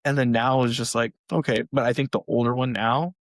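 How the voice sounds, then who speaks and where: Softball dad co-hosting, casual and animated, jumps high when he quotes people, dry close sound. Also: brisk, dry recording. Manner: animated, acts out quotes in a raised voice. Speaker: podcast co-host, youth softball coach. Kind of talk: casual chat.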